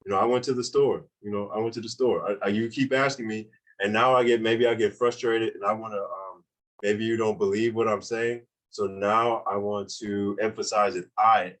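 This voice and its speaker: A man teaches a beginners' language class online, explaining grammar casually, repeating points and frequently asking "okay?" His voice is on the low side and a bit bright, with fairly even intonation at normal speed, in a low-quality recording.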